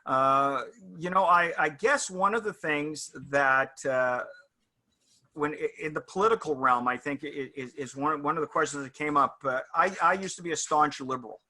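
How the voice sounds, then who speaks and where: Man, middle-aged, interview guest, very bright forceful voice, halting reflective storytelling. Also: on the high side. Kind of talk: casual interview chat.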